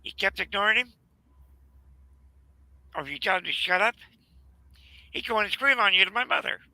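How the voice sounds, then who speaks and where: A man with a Southern US accent telling a rambling family story in casual chat, halting with fillers. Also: sits high, sharp tone, no room sound, rough recording. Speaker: channel host.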